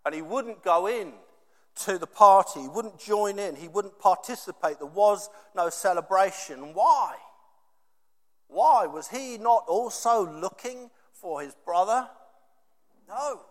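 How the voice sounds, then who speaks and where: A man preaching a sermon, emphatic and repetitive, with dramatic pauses. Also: high-pitched, expressive, in a large hall.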